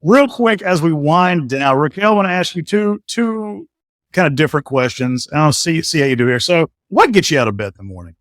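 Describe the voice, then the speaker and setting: A man's voice: a little high, animated, a little fast, fairly bright tone, no echo, clean studio sound. A man hosting a podcast, asking questions in casual chat with teasing jokes. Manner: joking, teasing, wry asides. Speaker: podcast host.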